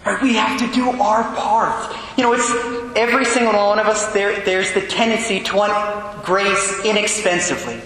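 Bright-voiced priest in echoing church. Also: male voice, high voice, normal speed. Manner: conversational, emphatic, keeps asking the listeners "right?". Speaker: Catholic priest. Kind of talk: Gospel reading and homily. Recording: echoey church hall with long reverb.

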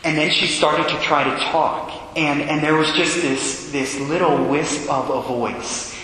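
A man who is a Catholic priest, telling a story in a sermon and acting out the dialogue with animated changes in his voice. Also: a little high, measured pace. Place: church. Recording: echoey church hall.

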